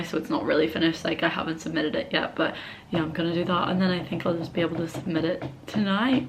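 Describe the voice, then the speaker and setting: A woman in her twenties, a student chatting casually to camera in an excitable vlog. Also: on the low side, fast, a little hiss or hum. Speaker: university student vlogger.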